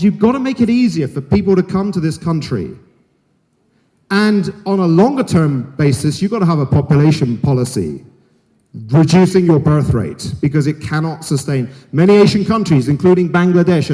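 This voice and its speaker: A man's voice: a little high, expressive, brisk, dark tone. A middle-aged man giving a frank, emphatic keynote speech to a conference audience, joking and speaking bluntly to them. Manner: frank, jokey and emphatic, talks straight to the audience. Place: large conference hall. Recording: hall reverb.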